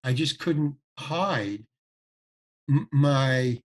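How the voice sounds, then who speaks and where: An older man, a guest actor, telling a story in a podcast interview, acting out the people he quotes and stumbling over restarts. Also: medium pitch. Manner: animated anecdote with acted-out quotes, halting restarts.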